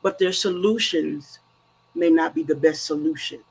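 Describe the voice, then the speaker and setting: A woman's voice: sits low, normal speed, slightly rough, low-quality recording. A woman grief coach speaking earnestly and emphatically in a faith-based, preacherly way. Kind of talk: faith-based conversational talk.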